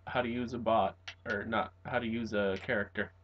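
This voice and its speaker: A man giving casual commentary while playing a fighting game, muttering to himself and breaking into excited shouts. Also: fairly low pitch, moderate pace, dull audio.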